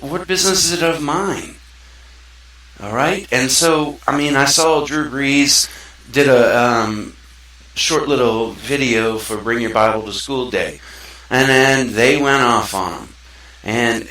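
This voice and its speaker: A show host from South Mississippi, USA, delivers a casual talk-show monologue in an earnest, rambling, conversational manner. His voice is mid-range with a sharp tone. He's recorded in an echoey room, far from the mic.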